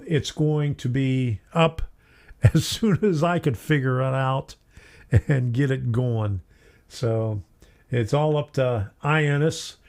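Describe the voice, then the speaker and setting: A man's voice: fairly high pitch, a little mellow. A middle-aged man hosting a casual hobby live stream, chatty, laughing often and reading viewer comments aloud. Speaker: host of a model train live stream.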